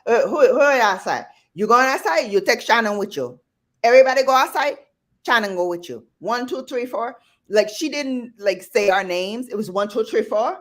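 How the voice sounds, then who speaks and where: A woman doing a bossy Caribbean grandma, high and loud. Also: lively intonation, normal speed, close to an everyday voice. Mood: bossy commanding. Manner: loud, clipped, commanding calls. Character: bossy older Caribbean grandmother herding kids outside.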